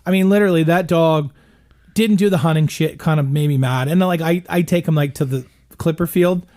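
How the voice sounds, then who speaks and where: A man's voice: fairly high pitch, brisk, warm tone. A middle-aged man telling a long, rambling story in casual chat, swearing often. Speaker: podcast guest.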